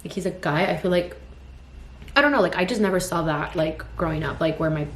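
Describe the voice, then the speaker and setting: Expressive and fairly quick, with a fairly low pitch, a woman in her twenties vents frankly while getting ready for her vlog. She's a mother of two toddlers who rambles, saying "like" and "you know" a lot, and the room sounds echoey with faint ambience.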